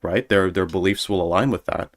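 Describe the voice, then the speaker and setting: A man's voice: sits low, fairly even intonation, brisk. A man streaming as a VTuber, rambling sarcastically in a casual monologue and mocking people in put-on voices.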